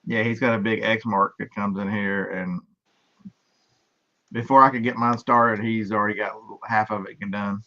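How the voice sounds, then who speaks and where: A man's voice: fairly low pitch, steady tone, bright, forceful tone. Easygoing man on a lo-fi call. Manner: easygoing, halting with fillers. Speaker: call-in co-host. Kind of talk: casual livestream chat.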